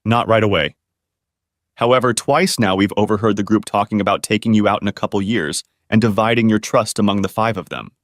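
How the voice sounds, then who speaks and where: Grave matter-of-fact private eye read by a guy, low voice, dry. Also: a little fast, no room sound, natural voice. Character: grave male private investigator.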